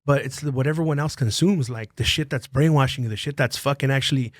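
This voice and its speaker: A man's voice: medium pitch, quick pace, no room sound, studio quality. A man on a podcast, ranting heatedly, swearing constantly and repeating phrases. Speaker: podcast guest. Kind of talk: casual profane rant. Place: podcast studio.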